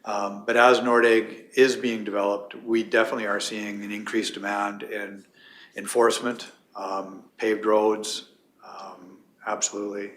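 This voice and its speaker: A man from county administration formally answering council questions in a steady, explanatory way. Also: fairly low pitch, unhurried. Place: council chamber. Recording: roomy chamber sound.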